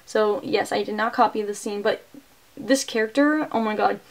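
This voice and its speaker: A woman chatting casually as she recaps a movie, with lots of fillers and excited asides. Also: medium pitch, moderate pace. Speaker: movie reviewer.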